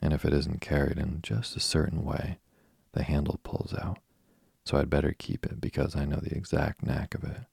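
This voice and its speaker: A man voicing a chatty, imaginative orphan girl in a storybook reading, in his own very deep, gravelly voice. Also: little pitch movement, normal speed, darkish tone, no echo, studio quality, exaggerated voice. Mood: eager. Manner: eager nonstop chatter.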